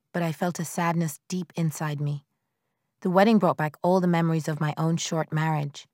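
A woman narrating a novel in the first person, in a measured, quiet storytelling manner. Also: low voice, no echo, clean studio sound. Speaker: audiobook narrator.

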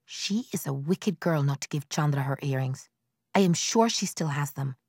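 Woman voicing a harsh, shrill mother-in-law. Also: moderate pace, a little mellow, slightly rough, no room sound, clean studio sound.

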